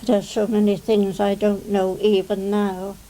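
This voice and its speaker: An elderly English woman in her nineties talks through old memories for a 1990 television interview. Her voice is dark and mellow with a gravelly edge, and she speaks slowly. She rambles, tucking "you see" into her sentences. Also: medium pitch, completely flat delivery, rough recording. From England. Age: 90s. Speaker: interviewee, retired stage actress. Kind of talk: reminiscing interview.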